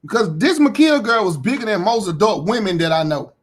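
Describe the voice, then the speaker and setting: A man giving casual reaction commentary, blunt and heated, repeating himself, swearing freely and rising to shouts when indignant. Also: sits high, lively intonation, fairly quick.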